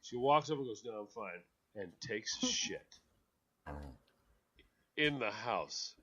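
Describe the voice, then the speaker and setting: A man's voice: mid-range voice, moderate pace, husky, dull audio. A man co-hosting a casual online radio chat, telling a story with acted-out voices and plenty of swearing. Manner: animated storyteller, acts out a dog's voice, swears freely. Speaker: co-host.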